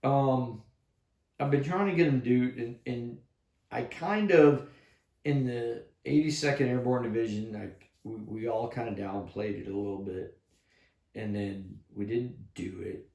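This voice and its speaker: An older man, a retired army sergeant major, telling war stories in a casual, heavily profane way and acting out shouted lines. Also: medium pitch, unhurried, vocal fry. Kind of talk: casual storytelling with heavy swearing. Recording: echoey room.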